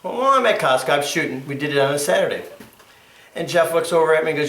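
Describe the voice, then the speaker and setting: A man's voice: on the high side, lively intonation, fast, fairly bright tone, echoey room. A man hosting an archery video, talking in a chatty, jokey and rambling way. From Connecticut, USA. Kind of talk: casual vlog narration.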